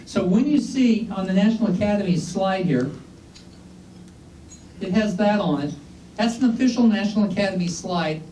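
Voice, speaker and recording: Man, geology lecturer, joking and conversational, higher-pitched voice, distant mic in an echoey room with faint hiss. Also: mellow. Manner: chatty, joking, asks the audience questions. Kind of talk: informal lecture with anecdotes.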